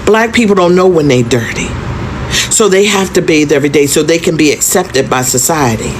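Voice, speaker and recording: A woman voicing a calm elderly woman in her seventies or eighties, who talks slowly and patiently as if teaching. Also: sits low, background noise. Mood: matter-of-fact. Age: 70s-80s. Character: elderly white woman, calm and matter-of-fact.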